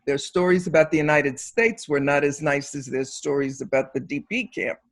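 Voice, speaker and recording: A speaker in their seventies telling family stories slowly on a video call, laughing at times. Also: medium pitch. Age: 70s. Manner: slow, unhurried storyteller with a warm laugh. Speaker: panel speaker. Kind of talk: personal storytelling on a video call.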